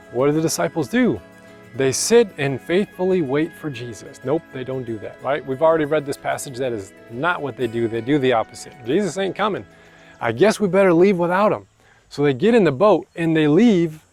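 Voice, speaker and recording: A man's voice: fairly high pitch, a little mellow. A man preaching a sermon as pastor, in a casual, conversational way with slangy asides. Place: church.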